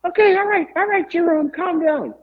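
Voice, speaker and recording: A flustered, apologetic man, as a storyteller puts him on stammers nervous reassurances in a very high, thin voice. The sound is somewhat dull and muffled. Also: normal speed. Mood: placating.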